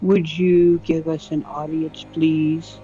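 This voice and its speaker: A man putting on a grovelling flatterer. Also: on the high side, slow pace, faint music behind. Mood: fawning. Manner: grovelling, over-the-top flattery. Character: fawning male adventurer flattering a witch. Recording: dull lo-fi mic.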